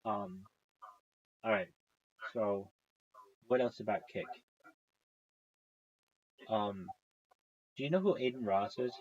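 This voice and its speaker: A man's voice: lowish voice, takes it slowly, long pauses, a little mellow, highs cut off. A man talking casually to his stream viewers as a live streamer, swearing often and getting worked up as he rants. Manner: profane, ranting, worked-up.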